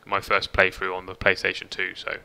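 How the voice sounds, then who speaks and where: A man's voice: sits low, monotone, brisk, vocal fry, pushed and bright, clear, resonant tone. A man chatting casually as he streams a game, reading chat and swearing lightly, with faint game music behind. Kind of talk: casual gameplay commentary.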